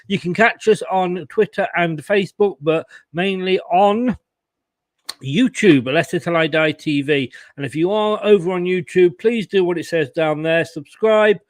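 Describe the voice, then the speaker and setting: A cheerful man with a fairly high voice hosts a fan show, cracking jokes and teasing his co-hosts. The sound is close and dry. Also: no room sound. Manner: jokey, teasing, laughs often. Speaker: host. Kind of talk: casual fan show chat.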